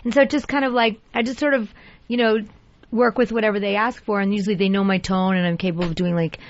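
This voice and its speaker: Woman, voice actress guest, chatty and animated. Mid pitch, dry close-miked studio sound, slightly dull. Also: quick pace, noisy background. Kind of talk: radio interview conversation. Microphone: studio microphone.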